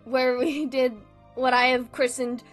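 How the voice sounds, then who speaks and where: A woman's voice: high voice, little pitch movement, unhurried, soft background music. Chatty rambling woman streamer. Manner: rambling, chatty, laughs often. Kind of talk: casual livestream chat.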